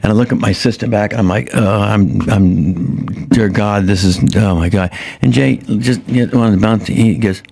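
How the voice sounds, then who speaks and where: Man, gravelly voice, casual storytelling, animated impressions. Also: moderate pace, hardly any pauses. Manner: animated, jumps into high-pitched impressions while telling stories. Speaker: comedian guest.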